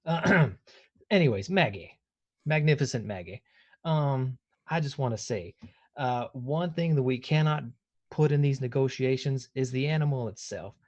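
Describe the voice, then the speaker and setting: A man playing his character in a tabletop game, speaking in a flowery, flattering, formal way with hesitations. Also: medium pitch, moderate pace, no echo, muffled recording. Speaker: player. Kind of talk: in-character role-play.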